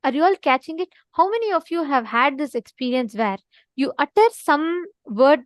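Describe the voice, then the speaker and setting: Earnest high-voiced woman giving a spiritual talk. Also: expressive, normal speed, no room sound. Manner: earnest, repetitive, prompts listeners to respond. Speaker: spiritual teacher in an online session. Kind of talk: spiritual talk to an online audience.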